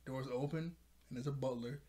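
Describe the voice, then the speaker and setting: A man's voice: medium pitch, flat delivery, a little fast, dark tone. A man recapping a cartoon episode in a rambling way, often correcting himself. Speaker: video reviewer.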